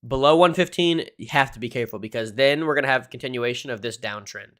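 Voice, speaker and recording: A young man talks loosely and conversationally on his livestream, dropping curse words and filler as he goes. His voice sits at an ordinary middle pitch. He runs through trading charts like he's chatting with friends. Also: fast, a bit bright. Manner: casual, swears often, says "dude" and "um" a lot. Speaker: crypto livestream host. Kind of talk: casual livestream chart analysis.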